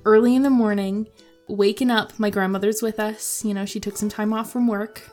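A woman co-hosting a casual chat, playful and quick to laugh as she tells stories. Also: medium pitch, fairly even intonation, darkish tone, soft background music. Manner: playful, laughs often while telling stories. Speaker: podcast co-host.

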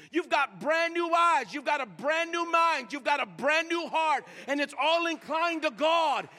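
A male pastor preaching a sermon in a church, swinging from loud shouts down to hushed whispers. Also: very high voice. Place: church sanctuary. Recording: long reverb of a large hall.

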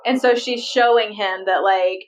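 A woman's voice: mid-range voice, moderate pace, recorded from a distance. A woman co-hosting a podcast, chatting casually and giggling often. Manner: giggly, relaxed commentary. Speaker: podcast co-host. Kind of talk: casual chat.

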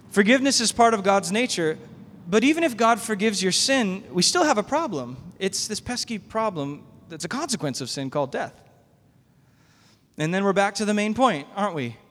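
A man's voice: high-pitched, fairly bright tone. A man preaching a sermon as pastor, conversational and emphatic, recorded in a church sanctuary. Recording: long reverb of a church hall.

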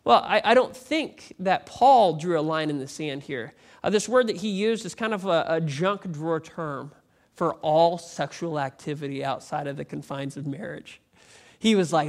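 Guy pastor preaching, kinda high voice, chatty and animated, gets loud and punchy at times. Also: normal speed. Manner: animated, rising to emphatic near-shouting peaks; conversational preaching with repeated restarts. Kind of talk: sermon.

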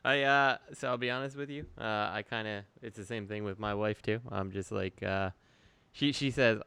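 A man's voice: on the low side, normal speed, vocal fry, pushed and bright, clean tone, dry recording. A man in casual podcast chat, wry and teasing, acting out quoted lines.

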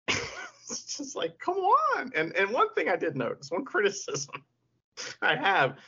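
Animated, bright-voiced man telling stories. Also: high-pitched, takes it slowly, gravelly, husky. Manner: animated, laughs often, swears freely. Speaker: podcast co-host. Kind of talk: casual chat, storytelling. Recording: lo-fi podcast audio.

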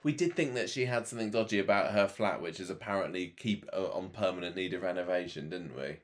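A man hosting a podcast, rambling in lively casual chat and laughing easily. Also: low voice, fast. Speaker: podcast host.

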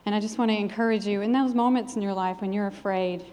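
A woman's voice: mid-range voice, steady tone, quick pace, dark tone, clear, resonant tone. A middle-aged woman preaching a sermon with a personal testimony, in an earnest, emphatic preaching cadence. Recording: long hall reverb.

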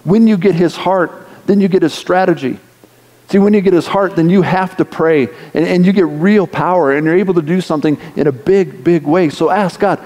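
A man's voice: a little high, brisk, darkish tone. A man preaching a sermon, earnestly leading the congregation in prayer. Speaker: pastor. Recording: long hall reverb.

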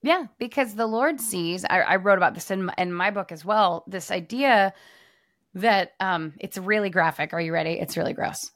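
A young adult woman co-hosting a casual faith conversation, telling personal stories in an animated way. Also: mid-range voice, normal speed, no echo, clean studio sound. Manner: animated storyteller, acts out quotes. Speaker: podcast co-host.

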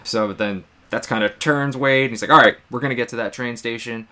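A man co-hosting a casual movie discussion, animated and laughing often as he acts out characters' lines. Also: mid-range voice, brisk.

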